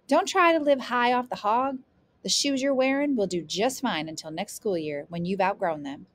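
A woman's voice: mid-range voice, normal speed, close to an everyday voice. A woman reading aloud voices a stern grandmother who scolds in folksy proverbs but loves her grandson. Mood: scolding.

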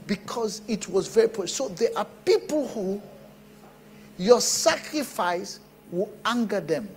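A man preaching a sermon, animated and bursting into shouts. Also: sits high, unhurried. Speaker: pastor.

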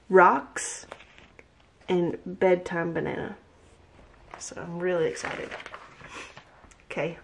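A woman reading a children's picture book aloud, gentle and expressive. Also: lowish voice. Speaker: read-aloud storyteller.

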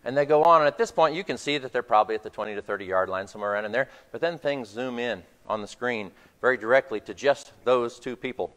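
A man's voice: medium pitch, quick pace, hardly any pauses, fairly bright tone, big-room sound. A man preaching a sermon to his congregation, retelling a film scene as a story. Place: church hall.

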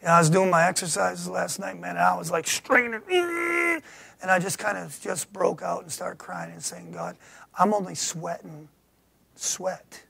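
A man preaching a sermon as pastor of a church, swinging from loud preaching to hushed whispers. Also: high-pitched, measured pace, creaky. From United States. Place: church sanctuary.

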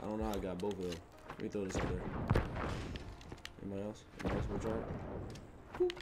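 A young man rambling through a gameplay commentary, animated and slangy, laughing as he tells stories and sounding a bit sniffly. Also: on the low side, rapid-fire, very noisy. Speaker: gaming video host. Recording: gunfire and clicks under voice. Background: in-game gunfire.

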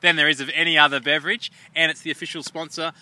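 Aussie guy hosting outdoors, punchy bright voice, bit high, dry close sound. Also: little pitch movement, fast talker, no room sound. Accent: Australian. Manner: upbeat, mock-formal presenter patter. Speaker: co-host. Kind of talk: jokey outdoor sports banter. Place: outdoors at a netball stadium.

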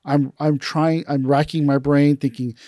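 A man's voice: on the high side, a little slow, no echo, clean studio sound. A man who teaches aikido, telling stories in a casual podcast conversation and acting out the people he quotes. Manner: storytelling, animated when quoting others.

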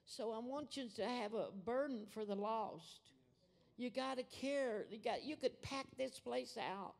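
An older woman preaching a fervent testimony sermon, calling her listeners sweetheart and babies and dropping at times to a hush. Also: a little high, a little slow, creaky. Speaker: guest preacher.

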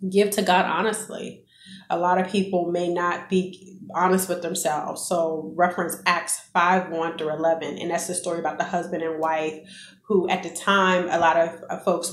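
A middle-aged woman talks earnestly to her viewers in a casual, preachy vlog, her voice on the lower side. The room around her sounds echoey. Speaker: vlogger. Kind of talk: casual faith testimony.

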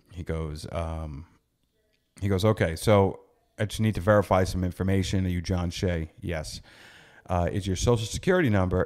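Male podcast host, forties, very low voice, chatty storyteller with lots of ums and self-corrections. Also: a little mellow. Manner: conversational, with frequent fillers and self-corrections.

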